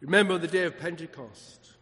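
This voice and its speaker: A man's voice: on the high side, a little fast, sharp tone. A man preaching a sermon as a vicar, emphatic, asking the congregation rhetorical questions. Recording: long hall reverb.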